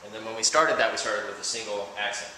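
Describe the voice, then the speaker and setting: A man's voice: lowish voice, quick pace, very noisy. A man teaching a drum cadence in a casual, step-by-step way, saying the rhythms aloud as he goes. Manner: explains patterns step by step, speaking rhythms aloud. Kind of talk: casual instructional talk. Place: practice room with drums. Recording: very echoey room with loud drumming.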